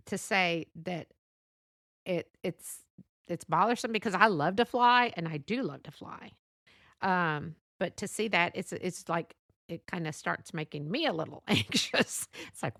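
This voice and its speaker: A woman's voice: medium pitch, a bit bright, no room sound, studio quality. A woman hosting a casual solo podcast, chatty and laughing often, with frequent restarts. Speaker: podcast host.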